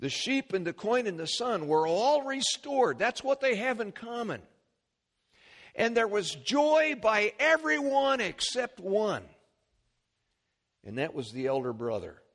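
Preaching at a measured pace, a male pastor with a voice that sits high gives an animated sermon. He restarts and repeats himself and makes side remarks to the congregation.

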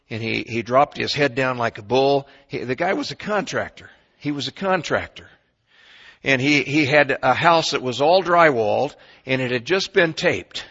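A man preaching a sermon in a folksy storytelling way, swinging between quiet asides and loud bursts. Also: mid-range voice, gravelly, slightly rough, lo-fi sound.

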